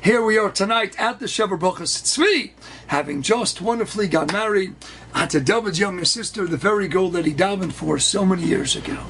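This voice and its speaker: A man, a rabbi, telling a story in a lively sermon style, who acts out the children's voices and mixes in Hebrew and Yiddish words. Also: high voice, fairly quick, gravelly, slight background noise.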